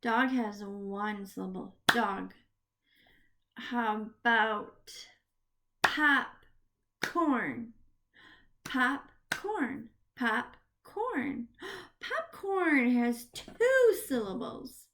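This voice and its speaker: Slow, gasping kindergarten teacher woman. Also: a little high. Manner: slow, drawn-out words with excited gasps. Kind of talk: early literacy lesson for young children.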